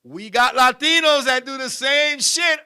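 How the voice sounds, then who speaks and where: High, bright, animated comedy host man. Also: unhurried. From Puerto Rican family. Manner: animated, profane, laughs at his own jokes. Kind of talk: comedic rant with banter.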